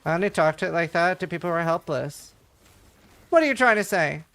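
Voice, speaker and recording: Fairly quick and expressive, with a slightly high, fairly bright tone, this man from Norway speaks with a light Norwegian accent while gaming. He chats loosely with viewers and reads their messages, rambling, using many fillers, and mimicking accents for fun.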